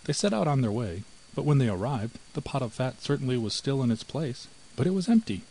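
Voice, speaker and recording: A man narrating a fairy tale in an expressive, measured storybook reading. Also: medium pitch, a little hiss or hum, rough recording. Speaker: audiobook narrator.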